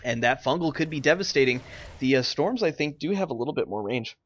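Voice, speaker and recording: A young man casting a live online strategy game, ranting and exasperated, swinging between loud outbursts and muttered asides. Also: mid-range voice, lively intonation, fast, muffled recording. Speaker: game caster and streamer.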